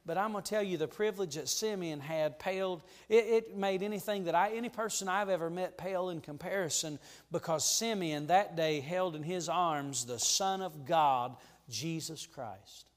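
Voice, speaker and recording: High-voiced preacher in a reverberant church. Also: male voice, normal speed, few pauses. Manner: fervent, preacherly, swings from hushed to ringing. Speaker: pastor. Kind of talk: sermon. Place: church sanctuary. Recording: long hall reverb in a church.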